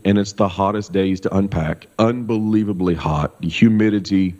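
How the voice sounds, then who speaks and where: A middle-aged pastor from Kansas telling a personal story in a loose, animated way, full of fillers. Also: male voice, sits low, moderate pace. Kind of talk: casual storytelling testimony. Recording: dull sound with long hall reverb.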